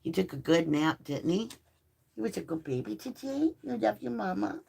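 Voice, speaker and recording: A woman's voice: mid-range voice, sing-song, moderate pace, gravelly, darkish tone, slightly rough. A middle-aged woman hosting a live tarot stream, chatting casually with viewers and cooing baby talk at her dogs.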